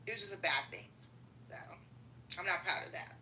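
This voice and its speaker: A woman telling a profane, slangy comedic story in an animated rant, as a podcast host. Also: on the low side, a little fast, slight background noise. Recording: roomy echo.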